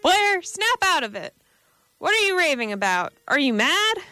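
Woman doing a sharp, impatient man. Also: high-pitched, big pitch swings, a little slow, no echo, pitched above the performer's own voice, heavily acted. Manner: sharp, demanding. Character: sharp, impatient man scolding his friend.

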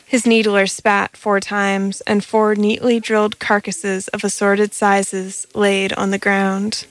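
A woman's voice: medium pitch, flat delivery, takes it slowly, dry recording, low-quality recording. A woman reading a science fiction story aloud in a plain way, with occasional stumbles. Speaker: narrator.

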